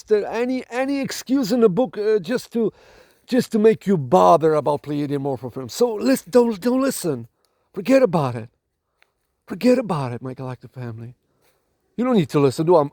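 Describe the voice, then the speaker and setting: A man with a noticeably high voice and a non-native accent delivers an emphatic spiritual monologue to camera. He preaches dramatically, repeating and restarting phrases as he presses his points. The recording is dry and close, with no room sound. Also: vocal fry, a little mellow, no echo. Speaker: spiritual channel host.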